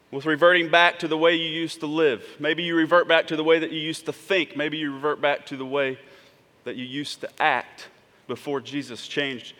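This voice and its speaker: A pastor preaches a sermon in a church sanctuary, speaking conversationally and checking in with the congregation through many asides. His voice sits on the high side with a fairly bright tone, and long hall reverb colors the recording.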